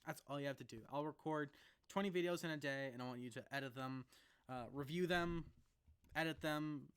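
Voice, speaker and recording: A young man vlogging casually into a laptop mic, rambling and laughing as he talks, sometimes rushing and sometimes slowing down. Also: on the high side, a bit bright, smooth. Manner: rambling, laughs often, jumps between fast and slow. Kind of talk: casual to-camera vlog.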